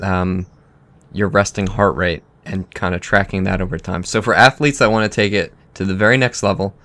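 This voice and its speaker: A man's voice: on the low side, a bit bright. A man co-hosting a training podcast, explaining things plainly and slipping in dry jokes. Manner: dry joking asides between plain explanations. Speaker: podcast co-host. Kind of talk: casual coaching chat.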